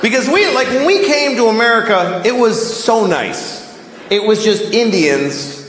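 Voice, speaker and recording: A man doing stand-up with a high, lively voice that shouts on the punchlines. It rings through a large hall with long reverb and steady noise. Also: normal speed. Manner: rambling, shouts punchlines, plays both sides of dialogues. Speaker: stand-up comedian. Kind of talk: stand-up routine. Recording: big echoing hall with noise.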